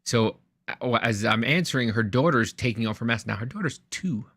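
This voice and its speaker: A man co-hosting a podcast, telling a rambling, animated anecdote in casual chat. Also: mid-range voice, fairly quick, no room sound. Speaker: podcast co-host.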